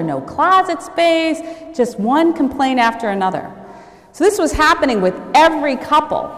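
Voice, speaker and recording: A woman giving a sermon in a church, telling a story and lightly acting out the people she quotes. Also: on the high side. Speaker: preacher. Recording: long reverb of a large hall.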